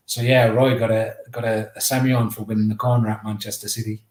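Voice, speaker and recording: Animated man telling a football story. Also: on the low side, fast talker. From England. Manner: animated, swears freely, acts out teammates' shouts. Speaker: guest author. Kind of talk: storytelling anecdote. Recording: roomy echo.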